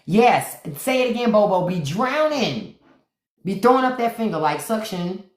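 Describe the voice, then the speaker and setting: A woman hosting a casual livestream from home, telling playful stories with excited outbursts, speaking. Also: medium pitch, normal speed, echoey room. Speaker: livestream host.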